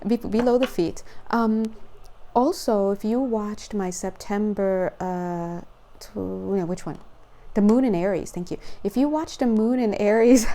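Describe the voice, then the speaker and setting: Young woman doing a chill card reading video, kinda high voice but soft and warm, rambly, laughs a lot. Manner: chatty and rambling, laughs often, gets excited. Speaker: spiritual card reader.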